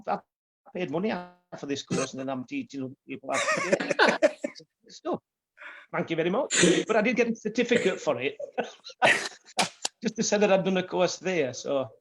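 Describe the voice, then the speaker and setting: A man's voice: fairly high pitch, sing-song, moderate pace, vocal fry, long pauses, breathy edge. An older man, a guest barber telling a long rambling story full of fillers. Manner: rambling anecdotes with many fillers. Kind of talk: casual storytelling. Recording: dull lo-fi sound.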